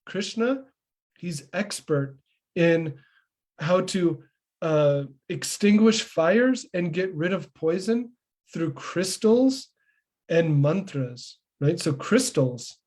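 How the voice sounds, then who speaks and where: A man's voice: fairly high pitch, darkish tone. A man teaching a spiritual class, telling devotional stories in an earnest, reverent way. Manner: earnest, reverent, lists names one after another. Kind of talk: devotional storytelling lecture.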